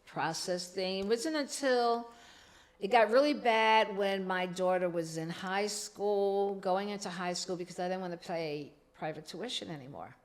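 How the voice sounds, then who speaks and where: A woman's voice: medium pitch, unhurried. A middle-aged woman, telling her own recovery story as a podcast guest, acting out the dialogue she quotes.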